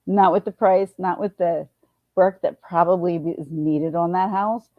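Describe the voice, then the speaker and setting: Middle-aged lady rambling on her livestream, lowish voice, dry dull lo-fi sound. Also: fairly even intonation, measured pace, no echo. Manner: rambling, chatty, many restarts and fillers. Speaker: livestream host. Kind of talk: casual livestream chat.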